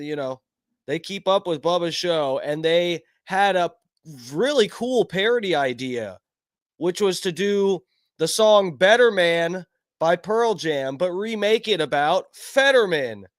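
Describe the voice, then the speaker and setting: A man hosting his own live stream, rambling casually with plenty of swearing and shout-outs to chatters by name. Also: high-pitched, clean tone, no echo, studio quality. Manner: rambling, profane, greets chat by name. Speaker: livestream host.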